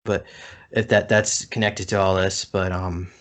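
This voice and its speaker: A man's voice: low voice, little pitch movement, unhurried, a bit bright. A man talking as a guest on a video call, chatty with some hesitation. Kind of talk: casual online chat.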